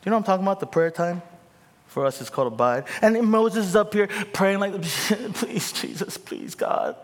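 A pastor preaching a lively sermon, acting out scenes and swinging from whispers to shouts. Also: male voice, sits high, quick pace, big-room sound.

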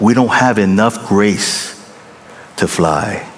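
A middle-aged pastor preaches with a very lively, swinging pitch, driving points home by repeating them. He speaks at an unhurried pace, and his voice carries a long reverb from a large hall. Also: slight background noise. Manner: animated, emphatic, repeats phrases for effect. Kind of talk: sermon.

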